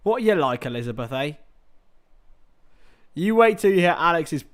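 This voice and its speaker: A young man hosting a live football watchalong, chatting with viewers, swearing freely and shouting at big chances. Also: a little high, sing-song, moderate pace, long pauses, smooth. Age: young adult. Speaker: watchalong host.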